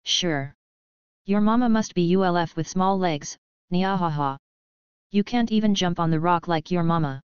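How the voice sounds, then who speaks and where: A woman's voice: lowish voice, moderate pace, smooth, no echo, lightly acted. A woman voicing a small, childish black cat creature that talks about itself in the third person with broken grammar. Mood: taunting. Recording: dull lo-fi audio.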